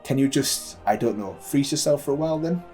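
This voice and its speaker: A man's voice: medium pitch, lively intonation, fairly quick, dark tone, faint music behind, pitched above the performer's own voice, close to an everyday voice. A man reading as a meek young mage girl. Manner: meek, pleading.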